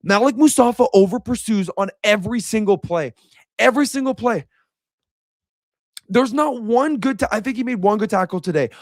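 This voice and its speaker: A man's voice: sits high, animated, normal speed, no echo, clean studio sound. A young man giving a casual, frustrated reaction rant as a sports commentator, repeating himself as he vents.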